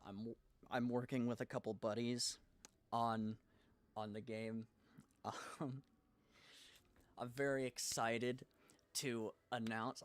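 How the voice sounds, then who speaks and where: A young man chats on a live stream from his computer, his voice at an ordinary middle pitch. He sounds nervous and excited, trips over his words and restarts his sentences often. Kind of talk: casual live stream chat.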